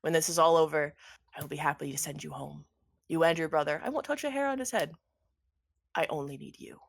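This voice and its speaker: A woman's voice: deep voice, fairly quick, gravelly, dry recording. A woman voicing a smug, condescending male villain king who taunts with silky, gleeful menace. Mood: smooth.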